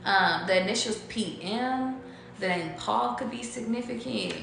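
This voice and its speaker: Young woman reading tarot for her viewers, loose and profane; bright voice, faint hiss in the background. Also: on the high side, unhurried, vocal fry. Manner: loose and chatty, swears freely, hums and sings snatches. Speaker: tarot reader. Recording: echoey room with faint background noise.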